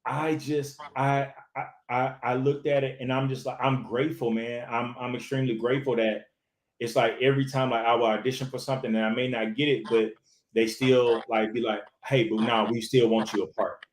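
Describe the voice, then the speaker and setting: A man, an actor, talking casually in an interview, animated and full of restarts and fillers. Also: medium pitch, brisk, echoey room, low-quality recording. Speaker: actor, podcast guest.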